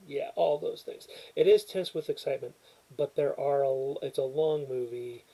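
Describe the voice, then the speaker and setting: A man's voice: medium pitch, moderate pace, warm tone, low-quality recording. A man chatting casually at home into his laptop webcam, rambling and self-deprecating, with frequent restarts as he reads a movie's cover blurb aloud. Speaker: movie reviewer. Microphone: built-in webcam or laptop mic, new mic not set up.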